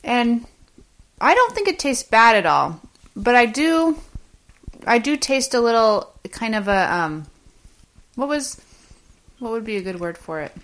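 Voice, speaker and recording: A woman co-hosts a podcast in relaxed, everyday talk. She tastes food and describes it. Her speech is easy and conversational. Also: on the high side, unhurried, long pauses. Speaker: podcast co-host. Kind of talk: casual chat.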